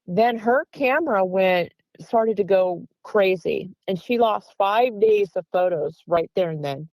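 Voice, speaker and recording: A woman's voice: medium pitch, darkish tone, no room sound, poor audio. A woman guest earnestly telling a long encounter story, acting out the quoted voices of the people in it. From Pennsylvania. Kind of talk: recounting an encounter.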